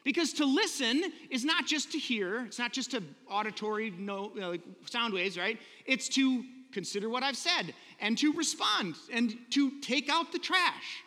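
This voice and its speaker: A man's voice: very high voice, animated, moderate pace, hardly any pauses, sharp tone, big-room sound. A man preaching a sermon in a conversational, earnest way, often asking the listeners rhetorical questions. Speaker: pastor.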